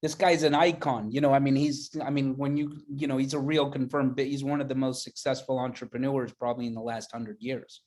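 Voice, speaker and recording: A man's voice: medium pitch, little pitch movement, brisk, few pauses, darkish tone. Male interviewer asking rambling questions. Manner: enthusiastic, hedging questions with many fillers. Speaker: interview host. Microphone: video call.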